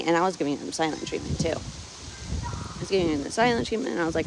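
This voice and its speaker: Fed-up woman venting outdoors, low-pitched. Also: fairly quick, a little hiss or hum, rough recording. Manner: frustrated, keeps tagging "right?". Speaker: vlogger. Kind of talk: casual venting monologue. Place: outdoors on her farm, windy.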